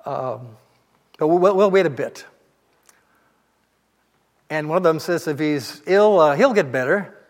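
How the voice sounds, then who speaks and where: A man's voice: on the high side, expressive, measured pace, long pauses, big-room sound. A male pastor giving a sermon, retelling scripture as a casual, conversational story.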